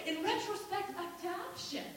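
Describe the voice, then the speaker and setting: Woman comedian, very high voice, animated storytelling, echoey room, heard from off-mic. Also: recorded from a distance, heavy background noise. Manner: animated, acts out relatives in quick voices. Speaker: stand-up comedian. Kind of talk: stand-up storytelling.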